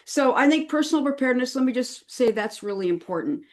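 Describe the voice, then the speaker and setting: A woman guest on a podcast interview, explaining things in an earnest, chatty way. She talks in a relaxed conversational flow, full of fillers and small restarts. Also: sits high, quick pace. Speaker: crisis management consultant, podcast guest.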